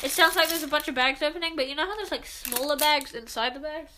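A woman's voice: high-pitched, quick pace, background noise. A woman rambling in casual chat with lots of "like" fillers while building a set with a friend.

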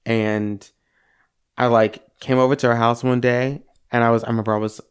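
A young man co-hosting a podcast, telling personal stories in an animated, casual way with some swearing. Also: mid-range voice, moderate pace, clean tone. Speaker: podcast co-host. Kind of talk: casual chat.

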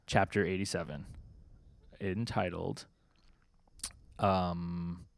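Guy w a lowish voice rambling thru a manga recap on a podcast, lots of um and like, dry sound. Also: flat delivery, slow, vocal fry, dry recording. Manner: rambling recap with many ums and likes. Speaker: podcast co-host. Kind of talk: casual chat recapping manga chapters.

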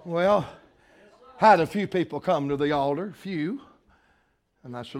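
Older Southern pastor, high-pitched voice, shifts from soft storytelling to shouting. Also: male voice, a little slow, long pauses. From South Carolina. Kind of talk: sermon.

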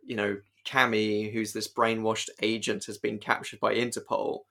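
Gravelly-voiced man chatting on a podcast. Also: fairly low pitch, little pitch movement, moderate pace, bright, forceful tone. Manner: hesitant, with many restarts and fillers. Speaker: podcast co-host. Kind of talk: casual chat.

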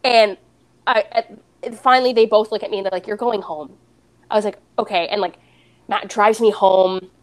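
A woman's voice: mid-range voice, steady tone, moderate pace. A young adult woman, a podcast guest, candidly retelling a personal story and acting out the dialogue.

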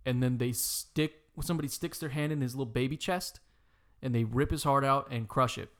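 Twenty-something guy ranting about a movie, lots of "like", cussing, really animated. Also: medium pitch, brisk. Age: 20s. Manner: animated, swearing, lots of "like" fillers. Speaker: friend retelling a movie. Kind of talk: casual chat.

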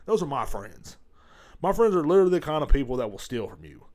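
A man's voice: medium pitch, big pitch swings, quick pace, a little mellow. A middle-aged man hosting a comedy podcast, ranting crudely and mocking voices as he rambles. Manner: profane, rambling, mocking voices mid-rant. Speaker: podcast host.

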